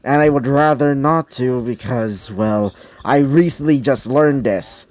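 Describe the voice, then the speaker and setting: A man's voice: medium pitch, a little slow, a little mellow, natural voice. A man voicing a reluctant, embarrassed young male mage who explains things grudgingly in a fan-made story.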